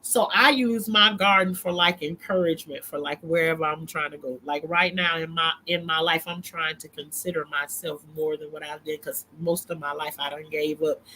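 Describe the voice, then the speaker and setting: A middle-aged woman with a way of speaking talks to her viewers in a loose, rambling vlog. Her voice is bright and clear, and she breaks into laughter often. A faint ambient hum sits under her voice. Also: sits low, fairly even intonation, moderate pace, hardly any pauses. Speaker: vlogger. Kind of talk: casual talk to camera.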